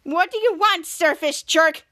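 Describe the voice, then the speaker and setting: A woman's voice: very high voice, measured pace, bright, forceful tone, heavily acted. A woman quoting a rude underground mole creature from a kids' show in a snide, taunting way.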